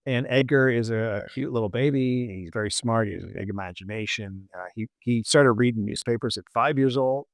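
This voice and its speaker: A man hosting a comedy podcast, walking through a history story in a loose, halting way. His voice sits in a middle pitch. The recording is dry, with no room sound. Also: dry recording. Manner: halting, many restarts and fillers.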